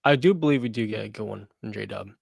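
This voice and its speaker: A man on a sports panel, talking in a quick, defensive, analytical way. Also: fairly low pitch, vocal fry, a little mellow, no room sound, clean studio sound. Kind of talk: casual sports debate.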